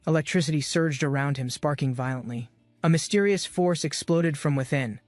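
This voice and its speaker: A man's voice: a little high, normal speed, a little mellow, no room sound. A man giving scripted, dramatic narration of a comic-book recap.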